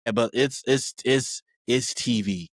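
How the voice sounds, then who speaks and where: In casual pop culture chat, a podcast co-host rambles loosely through a reality show recap, with plenty of fillers and restarts. His mid-range voice is unhurried, and the studio-quality recording has no echo.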